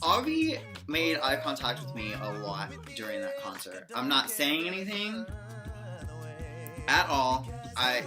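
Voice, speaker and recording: A young woman excitedly telling a fan story in a casual vlog, gushing and giggly. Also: very deep voice, unhurried. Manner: gushing fangirl, giggly, animated quoting. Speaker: vlogger. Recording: music playing behind.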